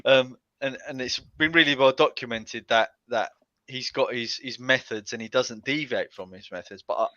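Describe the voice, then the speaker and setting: A man's voice: medium pitch, normal speed, pushed and bright, no room sound. A man guesting on a casual podcast chat, hesitant and often restarting his sentences. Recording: dull lo-fi dry sound.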